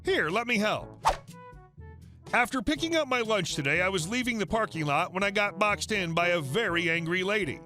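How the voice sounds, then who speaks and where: A man with a high, bright voice reads first-person stories in a steady, scripted way. Soft music plays faintly under his narration.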